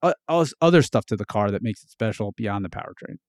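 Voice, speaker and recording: A man's voice: on the low side, expressive, fast talker, no room sound, studio quality. A man hosting an interview podcast, talking casually and chattily, often nodding along with short agreements. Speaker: podcast host. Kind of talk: interview conversation.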